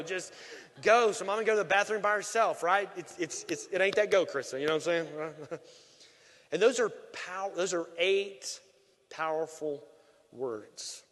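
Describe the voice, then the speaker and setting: Animated man preaching in a hall. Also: sits high. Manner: animated, joking asides, emphatic swings in volume. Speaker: pastor. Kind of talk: sermon. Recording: long reverb of a large hall.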